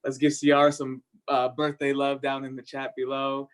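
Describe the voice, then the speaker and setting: A man's voice: medium pitch, completely flat delivery, normal speed. A man hosting an online poetry show over a video call, upbeat and friendly as he introduces each poet. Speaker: host. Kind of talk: casual emcee chat.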